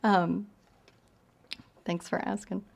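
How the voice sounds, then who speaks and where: A woman novelist with a softened Southern accent, answering questions thoughtfully with gentle pauses, then giving an unhurried, lyrical reading of her fiction. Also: mid-range voice, flat delivery, gravelly. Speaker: visiting novelist. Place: university lecture hall.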